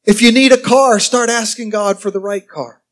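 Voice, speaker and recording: High-voiced pastor joking with his congregation. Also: steady tone, normal speed. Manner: conversational, humorous, quizzes the congregation. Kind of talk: sermon.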